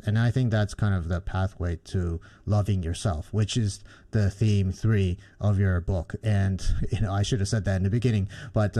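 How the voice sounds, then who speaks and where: A man's voice: fairly low pitch, warm tone. A male podcast host speaking thoughtfully and reflectively as he sums up ideas and asks his guest questions. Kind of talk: interview conversation.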